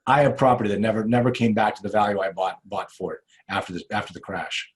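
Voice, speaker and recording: An older man hosting a podcast, chatting casually and animatedly, with many restarts and trailing off quietly. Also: on the low side, quick pace. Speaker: podcast host. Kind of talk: casual interview chat. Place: home in New Hampshire.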